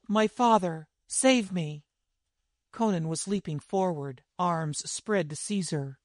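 Guy narrating an old sword-and-sorcery tale, slightly high voice, super dry close mic. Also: dry recording. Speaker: audiobook narrator. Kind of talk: dramatic story reading.

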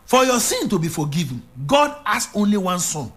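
A man preaching a sermon, emphatic and repetitive, swinging from loud declarations to hushed lines. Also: high voice, sing-song, moderate pace.

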